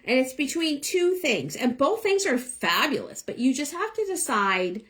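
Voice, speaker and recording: This tarot reader is a young woman with a high-pitched, sing-song, slightly bright voice at normal speed, though she's losing it. She reads live into a phone held above her eye level, chatty and encouraging throughout.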